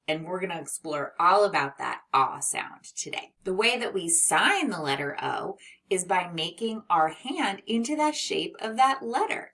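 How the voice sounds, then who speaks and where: A woman teaching a children's phonics lesson, gentle and encouraging, who sounds out and stretches letter sounds. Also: fairly low pitch, far from the mic.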